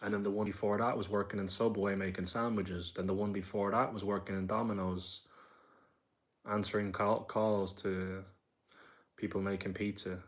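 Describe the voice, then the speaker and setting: Speaking at a moderate pace with a lowish voice that barely shifts in pitch, this young Dublin man chats his way through a live stream. He's talkative and meandering, reading out viewer comments and replying to them.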